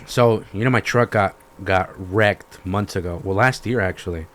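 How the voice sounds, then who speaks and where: A young podcast host rants through a slangy, animated story loaded with swearing. He has a fairly low voice and speaks at a normal pace.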